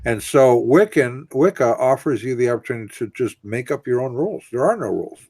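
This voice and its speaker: A man's voice: medium pitch, expressive, a little fast, darkish tone, no room sound. Man, mid-range voice, earnest talk-radio co-host, long patient explanations, dry close mic. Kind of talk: casual radio discussion.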